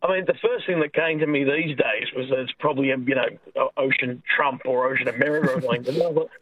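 A man's voice: mid-range voice, quick pace, slightly rough, no echo. A man calling in to a radio quiz, talking hesitantly and restarting his sentences often. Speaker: caller. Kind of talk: phone-in chat. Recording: phone line.

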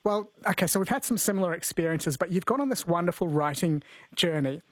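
A man's voice: high-pitched, lively intonation, quick pace, dry recording. A man from New Zealand hosting a radio show and interviewing a guest in a friendly, conversational way. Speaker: radio host. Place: radio studio.

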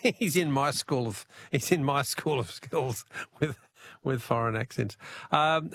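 A man's voice: mid-range voice, vocal fry, a bit bright. An Australian man hosts a radio quiz in a chatty, joking way. His voice rises and falls widely, and he laughs easily between questions. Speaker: radio host.

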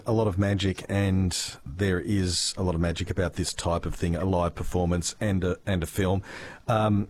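A man's voice: lowish voice, slight background noise. A man hosting a radio interview, upbeat and jokey as he reads out event dates. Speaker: radio host.

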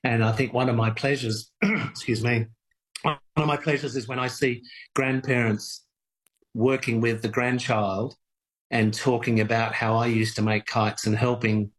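A man being interviewed on radio about his kite work, talking in a halting, reflective way with many repeated words. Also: medium pitch, fairly even intonation, husky, poor audio. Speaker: kite workshop owner, radio guest.

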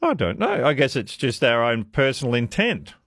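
A man hosts talkback radio, musing aloud with strings of questions. His voice rides up and down with lively pitch. It sits close and dry on the studio mic. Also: moderate pace, no echo. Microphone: studio microphone.

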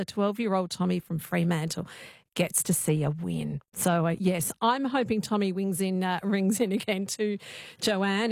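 A woman's voice: medium pitch, no echo. A woman hosting a late-night radio talk show on a studio mic, chatty and enthusiastic. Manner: chatty and warmly enthusiastic, chuckles. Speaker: radio host.

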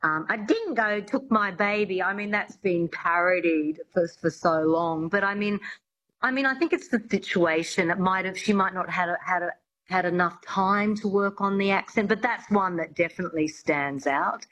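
A woman's voice: lowish voice, normal speed, fairly bright tone, poor audio. A woman, a coach chatting as an interview guest, with lots of restarts and fillers. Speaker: accent coach.

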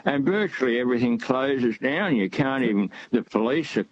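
A man's voice: medium pitch, animated, normal speed, no room sound, muffled recording. An older man calling in to a radio show, talking in a rambling, hesitant way with many fillers. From Australia. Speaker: caller. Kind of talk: phone-in call.

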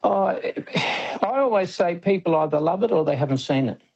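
Plain-spoken Australian man, mellow voice. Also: sits high, animated, moderate pace, husky, highs cut off. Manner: plain-spoken, frequent restarts. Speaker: interview guest, dog trainer. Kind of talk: radio interview.

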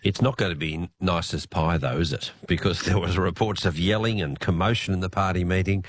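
An Australian man hosting late-night radio news, his voice hoarse from illness, chatting in a relaxed way with many fillers. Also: deep voice, brisk, a little hiss or hum. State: hoarse, unwell voice. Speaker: radio host.

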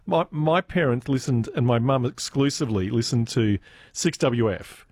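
A man with an Australian accent hosting a radio show, chatting and reminiscing, quick to laugh. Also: mid-range voice, animated, a little mellow, husky, dry recording, clean studio sound. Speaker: radio host. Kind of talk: casual radio chat. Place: radio studio. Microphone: close studio mic.

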